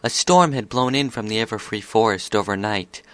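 Guy narrating a story chapter, calm steady reading, dead dry room. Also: on the low side, normal speed, no room sound. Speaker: reader.

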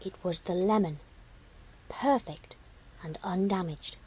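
Husky woman reading a story aloud. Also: lowish voice, slow pace, rough recording. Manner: expressive, dramatic reading. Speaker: story reader, show host. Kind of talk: storybook narration.

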